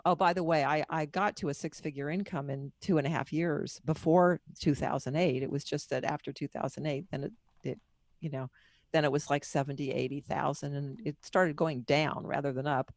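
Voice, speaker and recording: A woman's voice: deep voice, moderate pace, no room sound, clean studio sound. A middle-aged woman being interviewed as a guest author and coach, telling her story in a candid, personal, wandering way.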